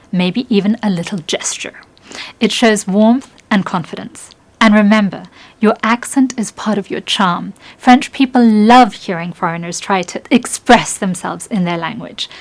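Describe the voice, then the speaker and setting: Upbeat woman teaching a language lesson. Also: medium pitch. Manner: upbeat and encouraging, slows down for practice phrases. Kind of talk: scripted lesson narration.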